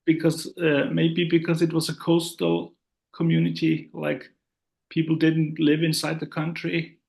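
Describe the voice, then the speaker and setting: A man's voice: fairly high pitch, little pitch movement, unhurried, creaky, a little mellow. A man from Iceland with an Icelandic accent, a professor explaining language in a careful, hedging way as a guest. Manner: thoughtful, hedging, frequent "yeah, yeah". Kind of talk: casual academic conversation.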